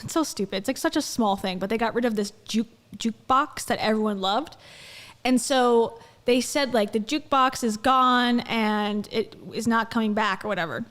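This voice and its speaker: A woman's voice: medium pitch, big-room sound. A woman co-hosting a casual commentary podcast, telling stories animatedly, swearing and laughing often. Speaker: podcast co-host and video creator.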